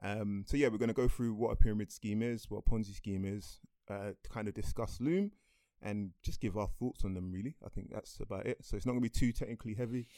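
A young adult man, explaining things in a relaxed, chatty way as a podcast co-host and laughing often. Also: on the low side, quick pace, few pauses, no room sound. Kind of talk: casual chat.

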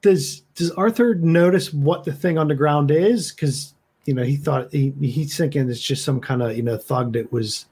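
A man's voice: on the high side, moderate pace, a little mellow, breathy edge. A man playing a tabletop game, eagerly describing his character and asking the game master questions. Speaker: player. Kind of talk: casual tabletop play.

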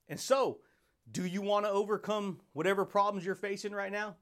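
A man's voice: high voice, fairly even intonation, normal speed, fairly bright tone, clear, resonant tone. A man hosting a podcast, giving a hyped motivational monologue full of slang, repeated catchphrases and frequent laughs. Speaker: podcast host.

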